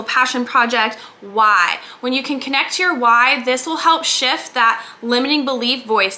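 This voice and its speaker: A woman's voice: high-pitched, sharp tone. A woman business mindset coach giving an upbeat, encouraging motivational talk to the camera.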